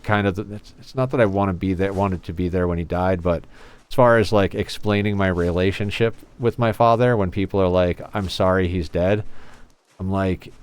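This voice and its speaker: Tired soft-spoken male streamer, low voice. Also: clear, resonant tone. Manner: soft-spoken, candid, rambling. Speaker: game streamer. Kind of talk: casual live-stream chat with viewers.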